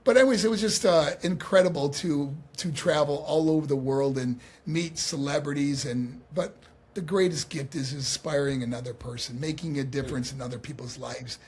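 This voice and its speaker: A man with a somewhat husky voice tells stories as a podcast guest, animated and full of fillers and restarts. His voice sits a little high for a man. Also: moderate pace. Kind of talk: casual interview storytelling.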